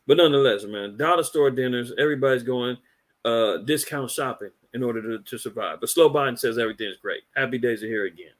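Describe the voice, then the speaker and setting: A man with a mid-range voice and a quick pace hosts a religious commentary podcast. He sounds indignant and preachy, rambling and repeating words.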